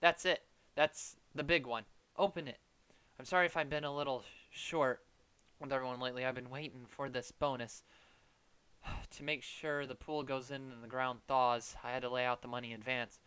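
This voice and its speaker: A man's voice: medium pitch, steady tone, moderate pace, sharp tone, smooth, no echo, natural voice. A man voicing a hapless, cheerful suburban father in a comedic parody dub, earnest and rambling. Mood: confessional.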